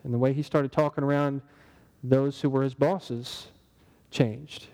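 A man's voice: mid-range voice, fairly even intonation, unhurried, mellow, in a large hall, low-quality recording. A man preaching a sermon in a conversational way, asking the congregation rhetorical questions. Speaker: pastor.

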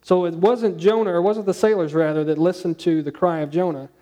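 A man preaching a conversational sermon, asking his listeners questions and dropping to a hushed tone on key points. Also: high-pitched, fairly even intonation, a little fast. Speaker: pastor.

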